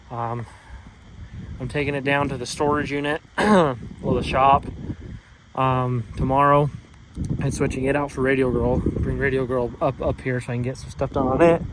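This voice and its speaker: A man's voice: mid-range voice, a little hiss or hum, rough recording. A man casually talking through work on his old trucks outdoors, rambling with lots of "so, yeah" fillers and the odd curse. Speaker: mechanic vlogger. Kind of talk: casual shop vlog. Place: outdoors at a home car shop.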